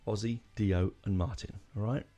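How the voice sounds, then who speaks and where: A man's voice: lowish voice, fairly even intonation, moderate pace, warm tone, soft background music. A man hosting a podcast, talking casually and emotionally, rambling with lots of fillers and restarts. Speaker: podcast host. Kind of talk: casual solo podcast talk.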